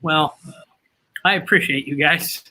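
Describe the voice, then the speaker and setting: A man's voice: a little high, measured pace, sharp tone, rough recording. A man hosting a casual chat over drinks, laughing often and making fun of himself. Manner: laughs often, self-mocking.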